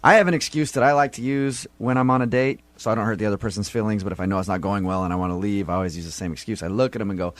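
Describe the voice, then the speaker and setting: A man's voice: fairly low pitch, steady tone, rapid-fire, hardly any pauses, dry recording. Teasing male radio host, dry studio sound. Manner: teasing, joking, laughs often. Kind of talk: morning radio banter.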